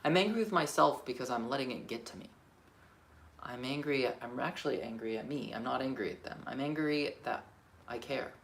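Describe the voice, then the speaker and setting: Gravelly man thinking aloud in an echoey room. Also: medium pitch, a bit bright. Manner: candid, self-questioning, swings between muttering and emphatic outbursts, swears freely. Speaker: vlogger. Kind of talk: solo self-reflection, thinking aloud. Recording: roomy echo with faint ambient noise.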